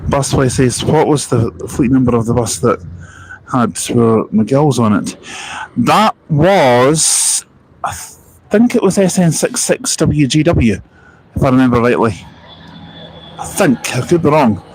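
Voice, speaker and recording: A man's voice: medium pitch, measured pace, long pauses, darkish tone, slight background noise, rough recording. Chatty Scottish man streaming outdoors. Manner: rambling, chatty, self-deprecating asides. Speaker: live streamer reading viewer chat. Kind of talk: casual live-stream chat. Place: outdoors at a bus park-and-ride, walking. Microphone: small wireless mic on phone stream.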